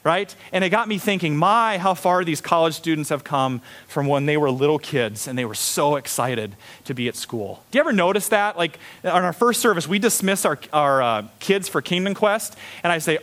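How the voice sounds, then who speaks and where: A middle-aged male pastor preaching a sermon, animated, acting out little voices of the people in his stories. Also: sits high, brisk. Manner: animated, acts out voices of kids and students.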